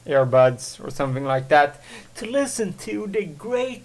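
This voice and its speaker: A man talks alone on his own podcast in a loose, casual monologue. He speaks slowly, stops often for fillers, and corrects himself mid-sentence. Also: on the high side, big pitch swings. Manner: rambling, full of fillers and self-corrections. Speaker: show host.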